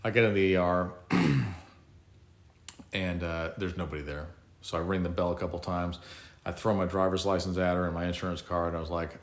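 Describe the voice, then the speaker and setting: A man's voice: low voice, little pitch movement, normal speed, echoey room. A middle-aged man, telling a personal story in a casual, self-mocking and reflective way.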